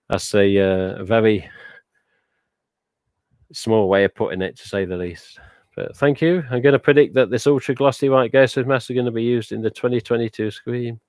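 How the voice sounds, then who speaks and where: A man's voice: on the low side, a little mellow, no room sound. A man hosting a casual live stream, rambling chattily with lots of "uh" and "but yeah" as he reads out viewer comments. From England.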